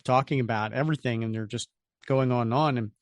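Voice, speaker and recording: A man's voice: medium pitch, fast, no echo, clean studio sound. A man co-hosting a comic book podcast, describing panels with enthusiasm. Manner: enthusiastic, animated. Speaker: podcast co-host. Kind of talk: comic book review chat.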